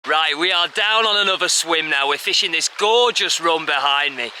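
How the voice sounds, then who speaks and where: A young man talks on a riverbank in a sharp, ringing voice pitched a touch high. He chats and jokes easily, giving casual fishing tips in a lively, excitable way. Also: normal speed, slight background noise. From England. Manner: chatty, jokey and excitable, cheering at fish. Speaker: fishing vlogger. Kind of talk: casual instructional chat. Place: outdoors on a riverbank.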